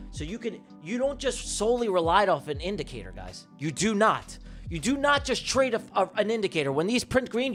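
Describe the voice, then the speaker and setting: A man with a high-pitched voice gives live day-trading commentary, hammering his points home by repeating them. He talks emphatically and swears casually. Faint music plays quietly behind him. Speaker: livestream trading host.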